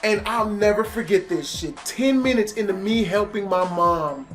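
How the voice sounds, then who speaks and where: A man telling a funny personal story for his vlog, animated and emphatic, swinging between loud outbursts and low mutters. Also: moderate pace, faint music behind. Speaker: storytelling vlogger.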